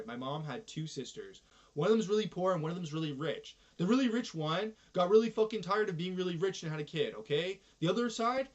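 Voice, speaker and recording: A man from Canada ranting in a casual, profane monologue about his family. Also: on the high side. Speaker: influencer. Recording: dull lo-fi recording.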